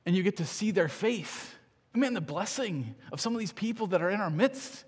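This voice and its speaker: Man, pastor, sermon, conversational with frequent restarts, slightly high voice, echoing church hall. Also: animated, normal speed, slightly rough.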